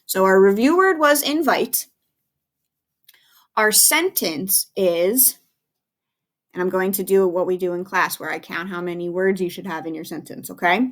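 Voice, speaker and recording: A woman teacher leads a recorded phonics lesson for small children, taking her time over every word. She is patient and encouraging and spells words out one letter at a time. Her voice sits at an ordinary middle pitch. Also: measured pace, long pauses.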